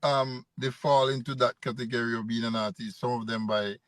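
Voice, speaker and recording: A man's voice: mid-range voice, a little fast, no room sound. A man hosting a casual interview, joking and steering the talk with short prompts. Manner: jokey, playful interrupter, steady with short backchannels. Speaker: interviewer host.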